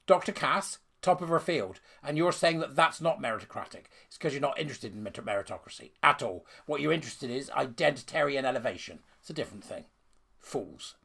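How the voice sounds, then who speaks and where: A man's voice: mid-range voice, expressive, fairly quick, gravelly, fairly bright tone, slightly rough. A man giving scornful, sarcastic ranting commentary while reading out a letter.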